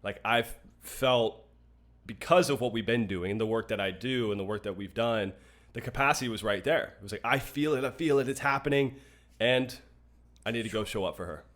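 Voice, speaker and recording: A young man on a podcast recounts a personal story with earnest, open feeling, often backing up to restart a thought. His voice sits at a middle pitch for a man. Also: a little fast, a bit bright. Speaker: podcast co-host. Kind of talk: casual podcast conversation.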